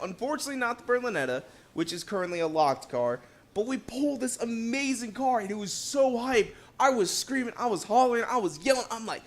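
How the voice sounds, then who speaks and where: A young adult male gaming host with a high-pitched voice gives casual let's play commentary. He's excitable and chatty, swinging quickly from loud outbursts to quiet asides.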